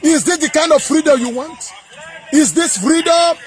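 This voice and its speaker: A man delivering heated political commentary in a vlog, emphatic and sing-song, often breaking into shouts. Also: very high voice, lively intonation, moderate pace, some chatter behind.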